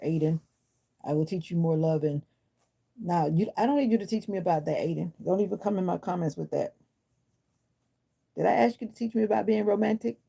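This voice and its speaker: A woman's voice: on the low side, vocal fry, warm tone, husky. A middle-aged woman chatting casually on a livestream, answering viewers' comments in a blunt, sassy way while feeling unwell. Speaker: livestream host. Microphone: phone or device mic.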